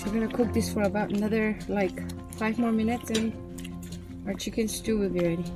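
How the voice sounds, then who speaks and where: Woman host talking through a recipe outdoors, easygoing and mid-pitched, over a music bed. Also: a little fast. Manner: relaxed, tags lines with "yeah?". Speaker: cooking vlog host. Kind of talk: casual cooking narration. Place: outdoors on a farm, windy. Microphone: camera mic, no external microphone.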